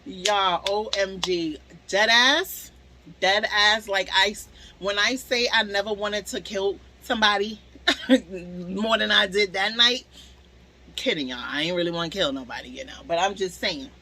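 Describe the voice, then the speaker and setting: A young woman telling a storytime to her viewers in a casual, animated way, swearing freely. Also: medium pitch, a little slow, poor audio.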